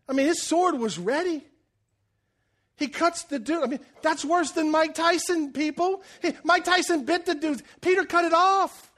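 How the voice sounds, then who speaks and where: Animated high-voiced preacher man. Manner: animated storytelling with acted-out quotes and jokes. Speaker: pastor. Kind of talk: sermon.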